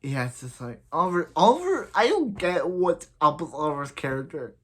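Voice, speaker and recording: A man's voice: on the high side, sing-song, moderate pace. A young man casually reviewing a TV episode, rambling with lots of filler words and sounding exasperated at the characters.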